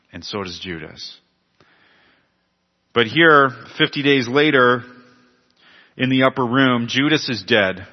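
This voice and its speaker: A male pastor preaching a sermon, retelling scripture with acted-out quotes and frequent restarts. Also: fairly low pitch. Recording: muffled sound with long hall reverb.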